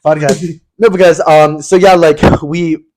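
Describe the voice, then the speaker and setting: A man in his twenties, co-hosting a casual podcast, telling an animated story and acting out the people in it. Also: a little high, unhurried, rough recording. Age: 20s. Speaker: podcast co-host. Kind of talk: casual chat.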